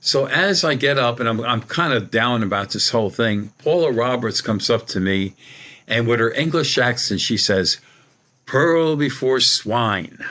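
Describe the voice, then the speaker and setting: A man's voice: medium pitch, lively intonation, normal speed, bright, forceful tone. A man guest, a psychic medium, telling a rambling personal story in a casual way and retelling what people said. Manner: rambling, retells dialogue with "she goes".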